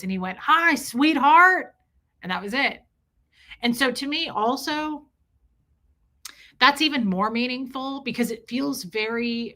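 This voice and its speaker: A woman's voice: mid-range voice, bright, forceful tone. A middle-aged woman hosting a livestream, talking candidly and with emotion while answering her chat. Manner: emotional, candid, talks straight to chat viewers. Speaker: livestream host reading chat.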